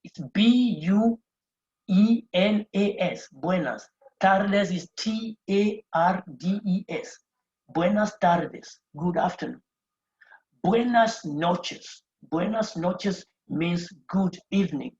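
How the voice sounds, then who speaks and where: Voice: medium pitch, takes it slowly, a little mellow. A Spanish teacher giving a beginner lesson at a board. They explain step by step, repeat phrases and spell words out letter by letter. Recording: roomy, dull lo-fi sound.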